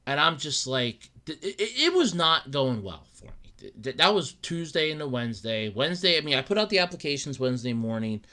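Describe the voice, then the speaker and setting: A man's voice: a little high, sing-song, a little fast, hardly any pauses, pushed and bright. A young man hosting a casual solo podcast, rambling and stumbling over words while sounding upset and dejected. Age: young adult. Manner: rambling, repeats words, acts out his own thoughts. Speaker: podcast host.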